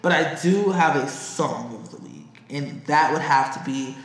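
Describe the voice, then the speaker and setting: A man co-hosting a podcast, telling a work story in a casual, profane, animated way. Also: a little slow. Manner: animated, profane, high-pitched when quoting others. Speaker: podcast co-host. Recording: echoey room.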